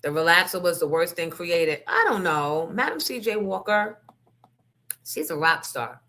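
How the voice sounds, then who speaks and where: A woman's voice: on the low side, unhurried, sharp tone. A woman hosting a casual podcast chat, telling frank, profane stories with asides to her listeners. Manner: candid, profane storytelling with asides to the audience. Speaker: host.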